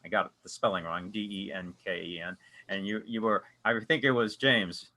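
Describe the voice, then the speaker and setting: Bright-voiced man leading a casual discussion. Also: lowish voice, steady tone, moderate pace. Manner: rambling, with many restarts and fillers. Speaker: discussion group leader.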